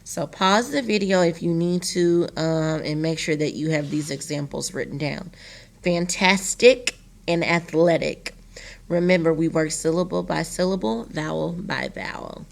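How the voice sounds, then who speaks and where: A woman teacher talks slowly and carefully to young students in a recorded lesson. Her voice sits a little low, and she sounds out each word one syllable at a time. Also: creaky. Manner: slow, deliberate, sounding out words syllable by syllable; addresses young students directly.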